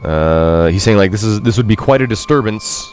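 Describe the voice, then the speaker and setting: A man with a fairly low voice talks through a game on a live stream, translating its lines as he goes. He pauses and fills the gaps with ums while he works things out, and pokes fun at his own translating. Faint game music plays underneath. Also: lively intonation. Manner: halting, thinks aloud with many fillers while translating; chatty and self-mocking, reads out character lines.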